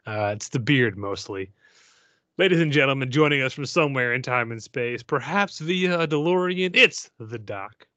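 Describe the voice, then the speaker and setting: A man hosting a casual nerdy podcast, rambling and joking between fillers and laughs. His voice is bright and forward, and the sound is close and dry. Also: mid-range voice, expressive, moderate pace, no room sound. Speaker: podcast host.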